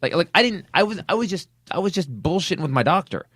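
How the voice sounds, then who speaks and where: A man's voice: high-pitched, lively intonation, fast, a bit bright, dry recording, clean studio sound. A middle-aged man hosting a podcast, ranting with comic energy and acting out other people's voices in his stories. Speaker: podcast host. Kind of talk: comedic rant.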